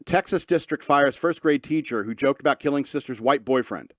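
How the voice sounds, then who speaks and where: A man's voice: medium pitch, fairly quick, no echo, studio quality. A man hosting a casual talk radio show, reading news stories aloud with sarcastic asides. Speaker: podcast host reading news.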